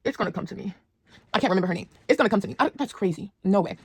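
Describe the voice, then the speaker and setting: A young woman casually telling a wild personal story to her viewers, animated and slangy. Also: medium pitch, rapid-fire, slightly rough, no echo. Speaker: storyteller vlogger.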